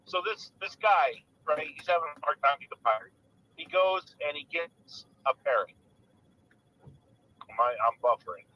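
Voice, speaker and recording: A man's voice: fairly high pitch, normal speed, dull audio, slight background noise. A man calling in to a live stream, chatting casually and telling a rambling joke. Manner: rambling, restarts jokes, lively delivery. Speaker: guest caller.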